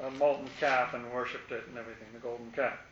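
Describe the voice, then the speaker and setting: A man's voice: medium pitch, level tone, quick pace, fairly bright tone, echoey room, highs cut off. A man leading a casual Bible study, explaining passages with playful asides.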